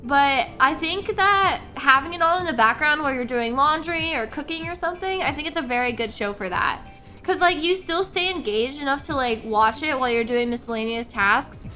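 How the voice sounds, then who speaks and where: A young woman chats casually on a live stream, rambling and giggly, tripping over her words and restarting often. Her voice sits high and sounds bright and sharp. A faint bed of music plays underneath. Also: a little fast. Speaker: VTuber streamer.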